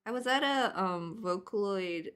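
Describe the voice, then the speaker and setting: Young woman streamer rambling and laughing a lot, bright voice, pitch all over the place. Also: lively intonation, unhurried, clear, resonant tone. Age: 20s. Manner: rambling, filler-heavy, laughs loudly and often. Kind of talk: casual chat while drawing on stream.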